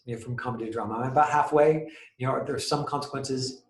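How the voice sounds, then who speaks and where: Animated acting teacher, echoey room. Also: male voice, medium pitch. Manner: animated, acts out quick examples with loud outbursts. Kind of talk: casual classroom teaching.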